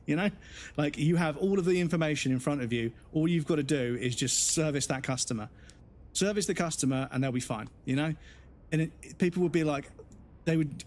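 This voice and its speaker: A man streaming a game, a father, ranting bluntly and swearing in casual talk. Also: on the high side. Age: adult with children. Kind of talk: casual live-stream rant.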